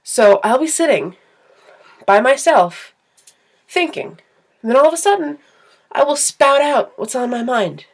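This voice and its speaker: A young woman with a somewhat high voice chats to her camera. She rambles through her stories in an animated, self-deprecating way. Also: a little slow, pauses often. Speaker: vlogger. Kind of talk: casual storytelling to camera.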